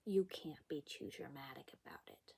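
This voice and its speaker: Condescending female teacher who brushes off complaints, a notch higher and louder, put on by a woman telling a story. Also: moderate pace, vocal fry, slightly rough, exaggerated voice. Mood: dismissive. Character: dismissive, condescending female schoolteacher.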